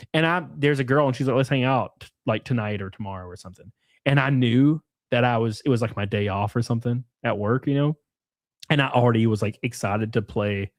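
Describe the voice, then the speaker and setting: A man streams live at a middle pitch, talking loosely and crudely with frequent laughs. His voice is dry and close to the mic, with no room around it. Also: no echo. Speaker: streamer reacting with chat. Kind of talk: casual livestream chat.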